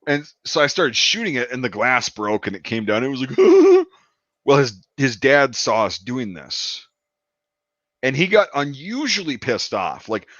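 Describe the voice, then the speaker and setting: A man's voice: medium pitch, sing-song, normal speed, bright, forceful tone, no room sound. A man casually telling a long, profane anecdote on a podcast. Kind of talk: casual storytelling. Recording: dull, dry lo-fi sound.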